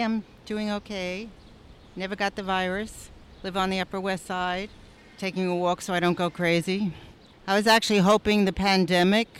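Woman passer-by, street interview, outspoken and earnest; smooth, resonant tone. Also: fairly low pitch. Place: city street outdoors, out for a walk.

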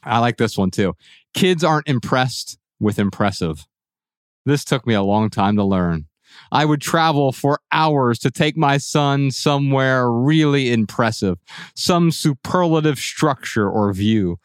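A man's voice: mid-range voice, unhurried, clear, resonant tone, dry recording, studio quality. A man with a Midwestern American accent co-hosting a casual podcast, telling stories and playfully mimicking other people's voices. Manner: animated, playful voices when quoting people. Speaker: podcast co-host.

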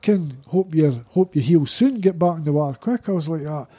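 A Scottish man, a podcast guest, telling one rambling, excited anecdote after another in casual chat. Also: a little high, brisk.

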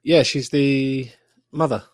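A man's voice: mid-range voice, fairly even intonation, takes it slowly, no room sound, studio quality. A man co-hosting a podcast, chatting in a jokey, easygoing way. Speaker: podcast co-host. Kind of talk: casual chat.

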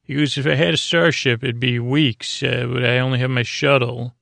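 Gravelly relaxed man rambling. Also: medium pitch, normal speed, dry recording. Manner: loose rambling retelling with many fillers. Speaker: podcast host. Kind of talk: casual sleepy recap.

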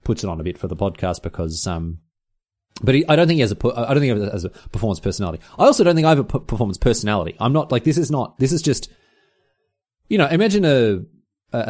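Australian male podcast host, lowish voice, quick and animated casual chat. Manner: fast, animated storytelling with exclamations.

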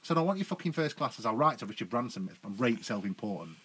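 A man telling sweary, animated anecdotes as a podcast guest. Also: medium pitch, fast, breathy edge. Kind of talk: casual storytelling.

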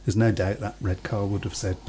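A man's voice: on the low side, little pitch movement, a little fast, mellow, a little hiss or hum. A man with a British accent co-hosting a podcast, talking in a rambling way with restarts and chuckles. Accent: British English. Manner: rambling, self-interrupting, chuckling. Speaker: podcast co-host. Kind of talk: casual chat. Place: studio.

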